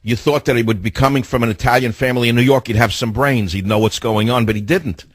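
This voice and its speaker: A man's voice: mid-range voice, quick pace, slightly rough, dry recording. A man hosting a call-in talk radio show, lecturing his callers in a combative way.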